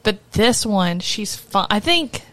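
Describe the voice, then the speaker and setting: A woman co-hosting a casual podcast, chatty and quick to laugh. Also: mid-range voice, expressive, fairly bright tone, no echo. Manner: chatty, laughs often, lots of fillers. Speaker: podcast co-host. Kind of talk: casual chat.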